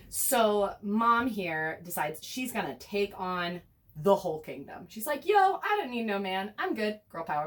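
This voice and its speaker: A woman's voice: medium pitch, recorded from a distance. An American woman casually recapping a film, chatty and sarcastic, with many fillers and whispered asides. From United States. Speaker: teacher explaining a film.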